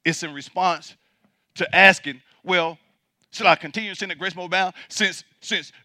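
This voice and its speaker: High, bright-voiced man preaching emphatically. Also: normal speed, no room sound, studio quality. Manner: emphatic, repeats points for the congregation; swings from loud preaching to quiet asides. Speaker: pastor. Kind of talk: sermon.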